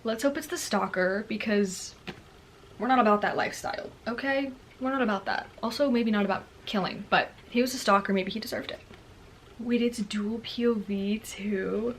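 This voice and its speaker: A woman's voice: medium pitch, normal speed, a little hiss or hum. A young woman chatting casually to camera as a book vlogger, bubbly and full of fillers. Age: young adult. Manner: bubbly, chatty, lots of "like" and "girlie".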